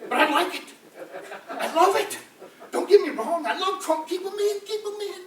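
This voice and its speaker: A man doing loose political stand-up, rambling and animated and slipping into mocking voices. He sounds distant from the mic in a roomy, echoey space with a faint ambient hum behind him. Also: very high-pitched, normal speed. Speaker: street comedian. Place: campus room before a live audience. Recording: echoey room, voice from far off.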